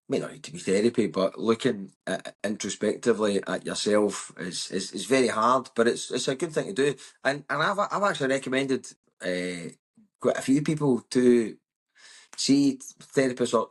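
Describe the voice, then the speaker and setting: Husky west of scotland guy in his 30s, blunt and sweary, mid pitch. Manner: blunt, emphatic, swears often. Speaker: comedian guest. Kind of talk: candid conversation.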